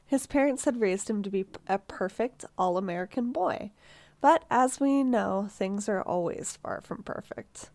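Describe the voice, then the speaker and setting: A woman's voice: medium pitch, darkish tone, dry recording. Chatty woman true-crime podcaster. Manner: chatty, reads quotes aloud, laughs, swears casually. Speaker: podcast co-host.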